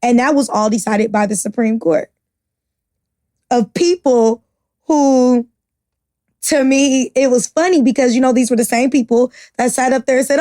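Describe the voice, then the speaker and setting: Passionate high-voiced woman podcaster. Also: fairly even intonation, moderate pace, a little mellow, dry recording, studio quality. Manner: passionate, blunt, swears freely. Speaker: podcast co-host. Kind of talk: casual opinionated chat.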